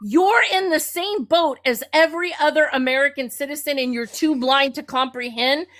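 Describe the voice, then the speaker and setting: A woman's voice: high voice, normal speed, a bit bright. A woman with a Southern US twang and drawl, lecturing scornfully as a co-host in a heated political argument. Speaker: co-host of a live audio debate.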